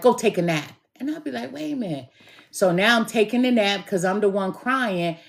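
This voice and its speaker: A woman tarot reader chatting casually with viewers on a live stream, slangy and quick to laugh. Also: mid-range voice.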